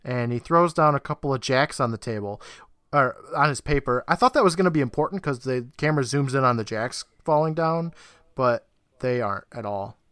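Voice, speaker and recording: A man's voice: mid-range voice, fairly quick, fairly bright tone, smooth, dry recording, studio quality. A young man, a podcast co-host, retelling an episode's plot at length in casual chat, acting out lines and laughing often.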